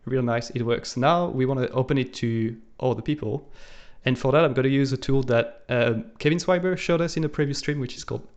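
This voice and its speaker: A man's voice: mid-range voice, fairly quick, hardly any pauses, a little mellow. Male co-host talking through code at his desk, loose and filler-heavy, typing audible. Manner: thinks aloud while typing, with frequent fillers. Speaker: live stream co-host. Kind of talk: casual coding walkthrough. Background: keyboard typing and clicking.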